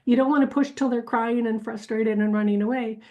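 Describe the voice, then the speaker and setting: A woman's voice: a little high, fairly even intonation, brisk, dull audio. A woman speech clinician giving a conference talk, explaining the therapy clips she plays. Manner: explanatory, reflective. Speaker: speech-language clinician presenter.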